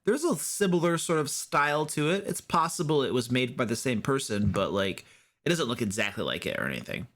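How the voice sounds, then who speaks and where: A man's voice: mid-range voice, big pitch swings, a little fast, fairly bright tone. A man narrating a tabletop game as dungeon master, in a loose, rambling way with many fillers.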